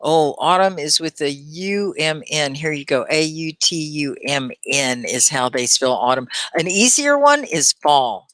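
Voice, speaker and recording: A low-pitched woman with a bright, forward tone teaches English live online. She pronounces each word with careful diction and encourages her students as she reads their comments. The sound is dry and close, with no room echo. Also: animated, a little slow, hardly any pauses. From Texas. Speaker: ESL teacher. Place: at home in central United States.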